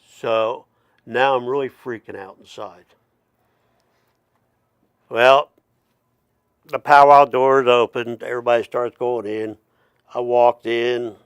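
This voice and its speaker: A middle-aged man telling a personal story in a casual, rambling way, with halting restarts and asides. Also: mid-range voice, clean tone, no room sound. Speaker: storyteller, Métis chief.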